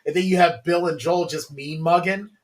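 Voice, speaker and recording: A man with a slightly high voice hosts a relaxed TV reaction chat. He talks in an animated way, laughs often, and drops into lower voices when he retells scenes. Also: normal speed. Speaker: podcast host.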